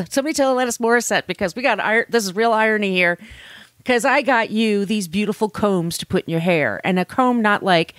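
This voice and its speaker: A woman in casual conversation, retelling a story with lively acted-out quotes. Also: mid-range voice, fairly quick, dry recording. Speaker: co-host discussing a story. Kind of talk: casual chat.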